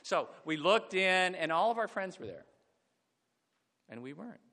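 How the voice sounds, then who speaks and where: A middle-aged man preaching a reflective sermon, falling to a hush on sad points. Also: sits high, big pitch swings, moderate pace. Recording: long hall reverb.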